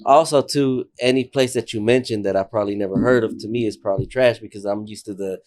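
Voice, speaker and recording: Male podcast host, low voice, easygoing and joking. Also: fairly even intonation, quick pace, darkish tone. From Fort Worth, Texas. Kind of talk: casual chat.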